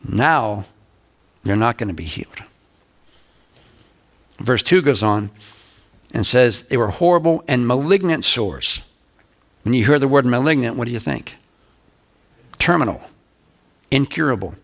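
An older man preaching a verse-by-verse Bible lesson, reading scripture aloud slowly and turning to the congregation with conversational asides. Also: mid-range voice, big pitch swings. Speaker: pastor. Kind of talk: Bible teaching sermon.

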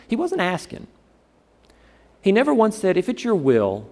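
A man's voice: high voice, huge pitch swings, brisk, darkish tone. A man from the southern United States preaching a sermon in a conversational way, often asking his listeners questions. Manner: conversational, asks the congregation questions. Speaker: pastor.

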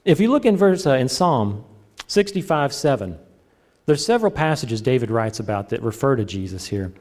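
A middle-aged man preaching a sermon, animated and joking, acting out his own prayers. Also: medium pitch, moderate pace. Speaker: pastor.

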